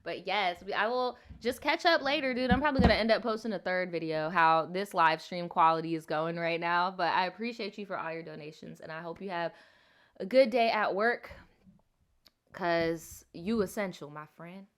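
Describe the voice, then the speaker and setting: A woman's voice: fairly low pitch, normal speed. A woman hosting a casual livestream storytime, reading viewer stories and adding sassy, profane, slang-filled commentary.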